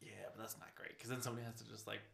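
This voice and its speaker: A man's voice: medium pitch, little pitch movement, rapid-fire, gravelly, echoey room, noisy background. A man hosting a casual podcast chat, rambling loosely, swearing and laughing often. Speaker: podcast host.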